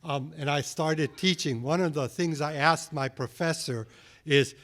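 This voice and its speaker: A man's voice: on the high side, a little slow, a bit bright. Joking man giving a science lecture. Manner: joking, wry asides. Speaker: guest lecturer.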